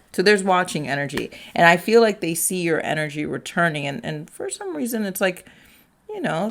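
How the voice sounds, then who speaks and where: A woman giving a casual tarot reading, chatty, peppering her talk with "like" and "right?", and slipping into quick acted-out quotes. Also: sits low, vocal fry. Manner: chatty, fills speech with "like" and "right?". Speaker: tarot reader.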